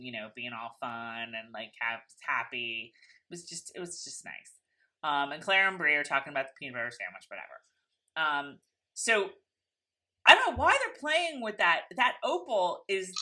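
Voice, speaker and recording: Lively bright-voiced woman recapping. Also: low-pitched. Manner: chatty, rambling, acts out characters' lines. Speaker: podcast co-host. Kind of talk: casual TV recap chat.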